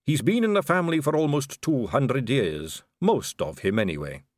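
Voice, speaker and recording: A man's voice: mid-range voice, big pitch swings, moderate pace, no room sound, clean studio sound. Refined vampire countess , as read by a man, gracious, teasing, musical lilt, storybook. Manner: polite, gracious, lightly teasing. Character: genteel female vampire aristocrat, middle-aged, poised.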